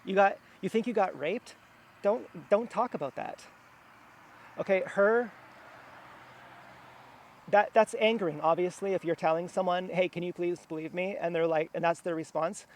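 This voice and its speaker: A man's voice: high voice, moderate pace, pauses often, slight background noise. A man talking to camera in a rambling personal monologue, meandering, with many fillers and restarts. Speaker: vlogger. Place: outdoors near a house.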